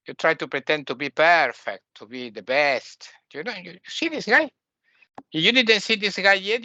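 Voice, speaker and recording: A man from Argentina with an Argentinian Spanish accent, a native Spanish speaker giving an informal spiritual lesson in English, animated and repeating words as he mocks the ego in quick asides. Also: on the high side, no room sound, muffled recording. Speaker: spiritual teacher.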